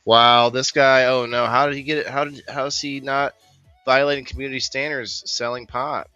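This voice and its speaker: A man's voice: medium pitch, level tone, moderate pace, pushed and bright, smooth, muffled recording, soft background music. A male host in casual, jokey chat, rambling through news items and putting on silly accents.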